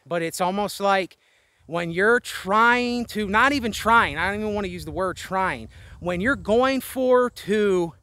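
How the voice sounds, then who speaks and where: Breathless man, high voice, rambling and weary, dry close sound, outdoors. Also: pushed and bright, no echo. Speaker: vlogger. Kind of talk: candid venting monologue. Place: outdoors, windy spot above a road.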